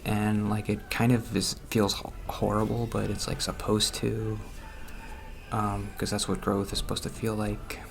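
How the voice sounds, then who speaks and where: Low, gravelly young man rambling nervously. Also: little pitch movement, unhurried, noisy background. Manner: rambling, self-conscious, laughs nervously. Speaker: gaming vlogger. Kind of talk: casual chat over gameplay. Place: room at home.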